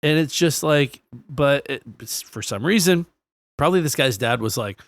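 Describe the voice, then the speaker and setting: A man's voice: fairly high pitch, lively intonation, normal speed, no echo. Man, podcast co-host, casual joking chat, dry close sound. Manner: joking, profane, drifting into silly put-on voices.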